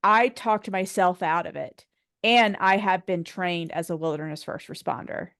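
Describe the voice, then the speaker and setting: Low-voiced woman telling a lively story. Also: normal speed, clear, resonant tone, no room sound, clean studio sound. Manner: animated storyteller, acts out quoted dialogue, laughs often. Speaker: podcast guest. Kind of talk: conversational storytelling.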